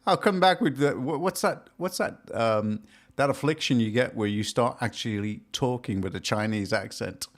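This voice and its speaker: A man co-hosting a casual chat show, joking and animated. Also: medium pitch, moderate pace. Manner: jokey, animated, laughs at his own gags. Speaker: podcast co-host.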